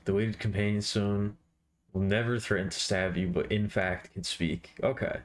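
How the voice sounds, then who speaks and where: A man's voice: lowish voice, steady tone, moderate pace. A man streaming live while he draws, chatting casually and playfully with viewers. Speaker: art streamer.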